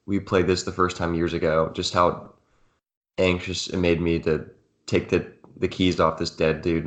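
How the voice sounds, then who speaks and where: A man co-hosting a podcast, reacting in a relaxed way and recalling his own playthrough. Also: low-pitched. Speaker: podcast co-host. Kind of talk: casual game recap chat.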